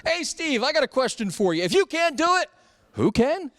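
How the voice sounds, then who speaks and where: A man hosting a car dealership TV commercial with a smooth, upbeat announcer delivery. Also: very high voice, sing-song, normal speed, a bit bright, no room sound, studio quality. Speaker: TV commercial host.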